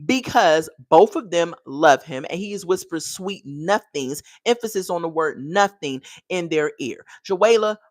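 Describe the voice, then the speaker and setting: A woman's voice: lowish voice, lively intonation, moderate pace, hardly any pauses, no echo, studio quality. A woman giving a casual, sassy and exasperated video review, talking straight to her viewers. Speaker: TV show reviewer.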